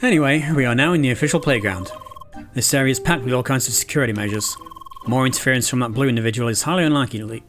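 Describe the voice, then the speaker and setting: A man voicing a calm, formal guide character who explains things in measured, proper speech. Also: mid-range voice, lightly acted. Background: game music.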